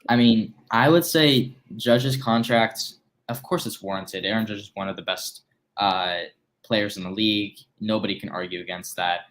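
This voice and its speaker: A man's voice: lowish voice, moderate pace, a bit bright. A teenage boy, a guest on a sports talk show, laid-back with dry humor. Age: teens.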